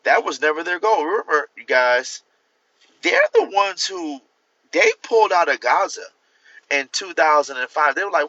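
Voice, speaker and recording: A man's voice: fairly high pitch, very animated, moderate pace, bright, forceful tone, no echo, highs cut off. A man hosting a livestream, giving blunt, opinionated views and talking straight to his viewers. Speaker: livestream host. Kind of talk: casual livestream talk.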